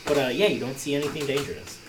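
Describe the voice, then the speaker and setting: A man's voice: medium pitch, very fast, noisy background. A man narrating as game master of a tabletop game in a laid-back way. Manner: laid-back, laughs often.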